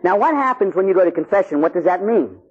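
Husky high-voiced priest, lo-fi. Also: male voice, fast talker. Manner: animated, jokey, plays out scenes and quotes. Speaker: Catholic priest. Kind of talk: lively sermon with acted-out stories.

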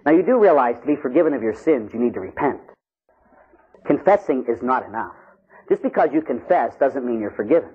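Catholic priest man preaching, jokey and animated, acts out scenes, kinda husky, muffled radio sound. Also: medium pitch, fairly quick. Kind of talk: lively sermon with acted-out stories.

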